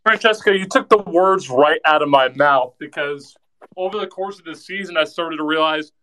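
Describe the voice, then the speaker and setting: A man joining a casual online chat, talking in an animated way with a laugh in his voice. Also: a little high, moderate pace, rough recording. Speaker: participant.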